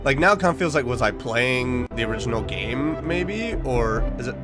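A man giving let's play commentary, thinking aloud and bursting into high-pitched, confused panic. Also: big pitch swings, moderate pace, over loud music. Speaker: game streamer.

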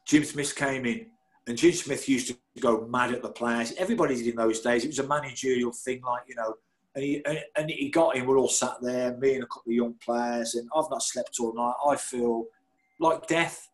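A man, a guest telling lively, self-deprecating stories and laughing through them. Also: mid-range voice, moderate pace. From Birmingham, England. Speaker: guest, former footballer. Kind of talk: anecdotal storytelling.

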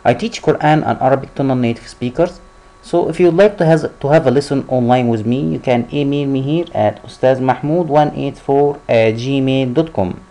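A young man teaching a language lesson online, repeating short example phrases slowly for students to copy. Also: mid-range voice, mellow, low-quality recording. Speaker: Arabic tutor.

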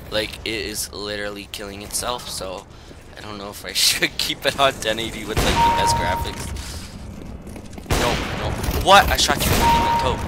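A young man giving casual, jokey commentary while playing a shooter at home, yelping and laughing as he plays. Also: lowish voice. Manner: excitable, jokey, frequent yelps and laughs. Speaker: gaming YouTuber. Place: indoors at his computer, home. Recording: game gunfire noise behind voice.

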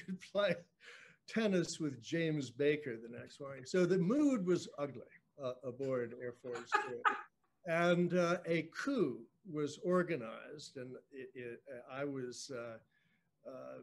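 A man in his sixties, a guest telling a story with dry, self-mocking humor, halting often with fillers and restarts. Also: on the high side. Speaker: guest storyteller, former speechwriter. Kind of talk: anecdotal storytelling on a virtual book event.

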